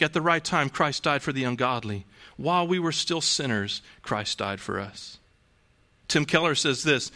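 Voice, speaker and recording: Bright-voiced man preaching conversationally. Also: on the high side. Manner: conversational preaching with rhetorical questions and restarts. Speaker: pastor. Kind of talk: sermon.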